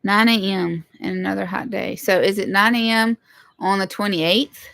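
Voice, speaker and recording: A woman's voice: mid-range voice, moderate pace, creaky, a bit bright. Chatty woman hosting a livestream. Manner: chatty, greets viewers, apologizes for tech trouble. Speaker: livestream host, homesteader. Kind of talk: casual livestream chat. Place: home.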